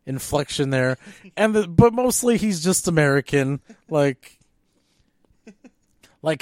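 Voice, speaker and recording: A man co-hosting a movie podcast, ranting in an animated, exasperated way with lots of fillers. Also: medium pitch, dry recording, clean studio sound. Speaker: podcast co-host. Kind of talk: casual movie-rant chat.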